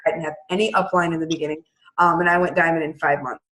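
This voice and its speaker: A woman leading her team on a video call, talking bluntly and briskly and acting out what people said. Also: sits low, fairly even intonation, fairly bright tone, poor audio. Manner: blunt, brisk, acts out quotes. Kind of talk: casual pep-talk on a video call.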